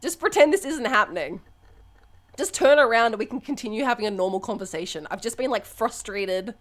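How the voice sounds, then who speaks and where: A young adult woman streaming live, chatting openly and swearing freely. Her pitch swings widely, and she often breaks into loud, high laughter between thoughts. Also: expressive, fairly quick. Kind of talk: casual live-stream chat.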